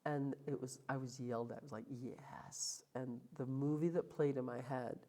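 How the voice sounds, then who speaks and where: A middle-aged woman sits for an interview and tells her life story in a low voice. Her tone is mellow and warm, and she slips into acted quotes as the memories carry her along. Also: fairly even intonation, brisk. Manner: emotional, vivid retelling with acted quotes. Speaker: guest.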